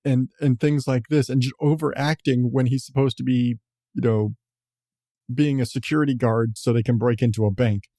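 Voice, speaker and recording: A man's voice: mid-range voice, fairly even intonation, normal speed, dark tone, no room sound, clean studio sound. A man hosting a podcast, talking in a rambling, casual way with frequent swearing and chuckles. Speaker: podcast host. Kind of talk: casual chat.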